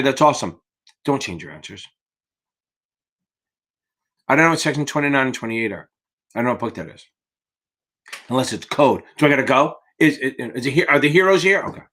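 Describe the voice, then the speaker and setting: A man's voice: medium pitch, fairly bright tone. A man tutoring students for securities exams on a live Q&A stream, blunt and profane and tired from yawning, calling his viewers baby. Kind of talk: live Q&A stream, casual teaching.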